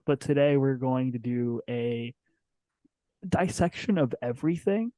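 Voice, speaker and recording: A man's voice: mid-range voice, animated, unhurried, mellow, dry recording. Chill guy hosting a podcast, ums a lot, dry close mic. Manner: laid-back, introduces guests with filler ums. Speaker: podcast host. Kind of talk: casual podcast chat.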